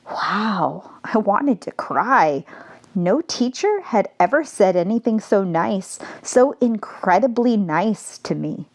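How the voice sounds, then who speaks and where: A woman reads a novel aloud in a slow, measured first-person narration. Her voice sits at a middle pitch and she takes her time with each line. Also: animated. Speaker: audiobook narrator. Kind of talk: audiobook narration.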